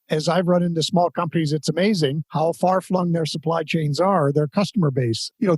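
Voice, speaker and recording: Breathy-voiced male podcast host. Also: a little high, darkish tone, dry recording. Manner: reflective, builds on the guest's point. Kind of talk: conversational interview.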